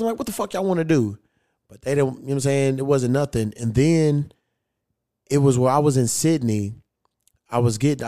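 This is a man, chatting on a podcast as host. His voice sits a little high and sounds mellow and relaxed as he tells rambling, profane stories packed with slang. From United States. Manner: loose storytelling, heavy slang and swearing. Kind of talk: casual profane chat.

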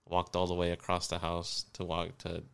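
A man's voice: low-pitched, completely flat delivery, normal speed, creaky, a bit bright, clean tone. A young man in casual podcast chat, laid back and profane, telling stories.

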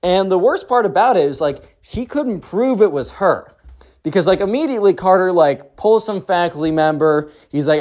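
A young man telling a story in a casual, slangy, excitable way. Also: fairly high pitch, brisk. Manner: slangy, excitable, lots of 'bro' and 'like'.

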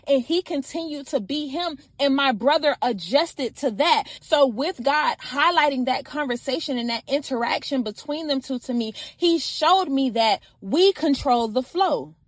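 A young woman delivers a casual, faith-based message with a high, bright voice. She talks straight to her listeners and builds emphasis by repeating phrases. The recording is close and dry, with no room sound. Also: no room sound. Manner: informal, animated, repeats phrases for emphasis and often says "y'all". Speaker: podcast host. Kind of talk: faith-based motivational talk.

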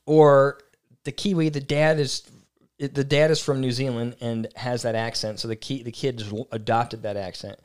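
Man, podcast co-host, casual chat, blunt, opinionated, mid-pitched voice. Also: steady tone, normal speed, clear, resonant tone.

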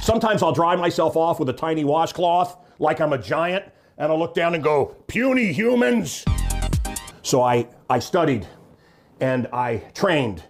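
A man's voice: medium pitch, darkish tone. Wry middle-aged joking man. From Missouri. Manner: jokey, ranting, wry asides. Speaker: comedian host. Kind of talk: stand-up style monologue to camera.

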